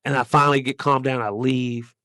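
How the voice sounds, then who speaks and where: A man's voice: medium pitch, fairly even intonation, brisk, pushed and bright, no room sound, studio quality. A man who hosts a podcast and does comedy, telling a story in a rambling, casual way, with lots of swearing and "like" fillers. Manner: rambling, profane, many "like" fillers.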